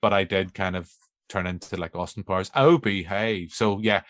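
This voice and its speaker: Northern irish guy hosting a movie podcast, lowish voice, rambly and jokey, dry sound. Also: flat delivery, fairly quick, a bit bright, no echo. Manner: chatty, rambling, self-mocking. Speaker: podcast host. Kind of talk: casual chat.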